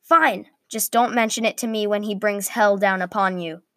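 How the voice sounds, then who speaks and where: A curt, impatient gate guard with old-fashioned phrasing, read by a woman in her own plain voice. Dry, close sound, at an ordinary middle pitch. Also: steady tone, moderate pace, no room sound, natural voice. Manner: curt, archaic speech.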